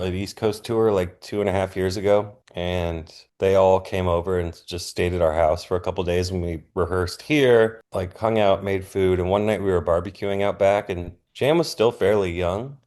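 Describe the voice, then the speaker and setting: Chill guy talking about his dog, lowish voice, laughs a lot. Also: normal speed, hardly any pauses, a little mellow. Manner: laid-back, laughs often. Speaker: punk musician guest. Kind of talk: casual interview chat.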